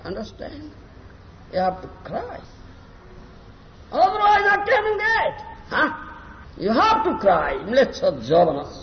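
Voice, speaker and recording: Emphatic high-voiced man. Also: huge pitch swings, a little slow, pauses often. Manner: emphatic, repeats phrases, asks "understand?". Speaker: spiritual teacher. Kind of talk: devotional lecture. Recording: echoey, dull lo-fi recording with faint noise.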